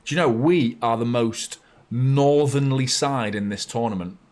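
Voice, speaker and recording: Excitable fan commentator. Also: male voice, medium pitch, unhurried. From north of England. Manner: chatty and blunt, bursting into excited shouts at goals. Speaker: fan channel host. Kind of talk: live match watchalong commentary.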